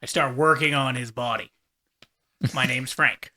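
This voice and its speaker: A man playing a tabletop role-playing game, speaking casually and sometimes halting. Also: mid-range voice, steady tone, pushed and bright. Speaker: player.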